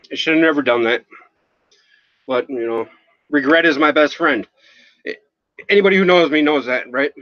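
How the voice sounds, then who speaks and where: A man's voice: mid-range voice, fairly bright tone, no echo, lo-fi sound. A man hosting a livestream, talking emotionally and apologetically, rambling and swearing often. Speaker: livestream host. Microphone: phone.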